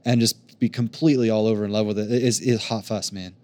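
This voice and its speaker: Guy guesting on a podcast, kinda low voice, rambles and says you know a lot. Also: fairly even intonation, fast, darkish tone. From Oklahoma. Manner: rambling, repeats words, lots of fillers like "you know" and "man". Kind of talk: casual chat.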